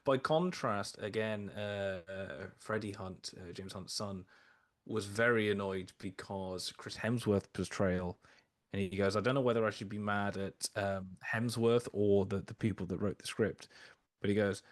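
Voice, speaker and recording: A man's voice: on the low side, fairly even intonation, measured pace. A man chatting casually on a podcast, telling anecdotes and acting out quotes. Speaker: podcast co-host. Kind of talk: casual storytelling chat.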